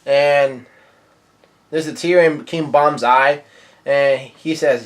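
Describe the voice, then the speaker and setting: A man's voice: medium pitch, fairly even intonation, takes it slowly. A young man casually recapping a manga chapter page by page, rambling with lots of fillers and restarts. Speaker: manga reviewer.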